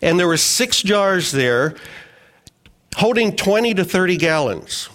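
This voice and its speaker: A man's voice: high-pitched, animated, a little slow, a bit bright. A middle-aged male pastor preaching a sermon in a conversational way, with joking asides and acted-out quotes.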